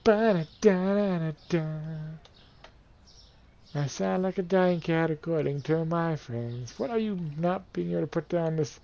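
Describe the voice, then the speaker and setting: A man's voice: fairly high pitch, normal speed, gravelly, hardly any pauses, dark tone, lo-fi sound. A man giving playful, casual commentary over a game, counting and thinking aloud to himself while he keeps yawning. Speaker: let's play gamer.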